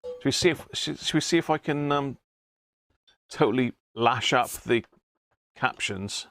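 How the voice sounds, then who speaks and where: A man's voice: mid-range voice, measured pace, pauses often, a bit bright, a little hiss or hum. A man hosting a casual live repair stream, chatting and muttering to himself while he works at his bench. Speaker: electronics repair hobbyist host.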